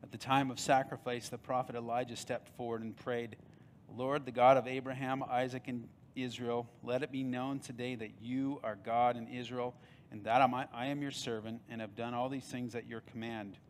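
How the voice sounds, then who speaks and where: Male pastor, mid-pitched, dramatic storytelling sermon with hushed and loud swings. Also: level tone, moderate pace, a little hiss or hum.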